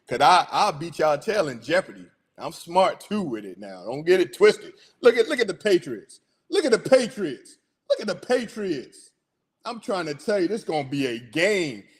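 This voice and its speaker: Chatty, hyped man talking sports. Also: on the high side. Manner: chatty, hyped, laughs often. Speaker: sports talk host. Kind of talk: casual sports chat.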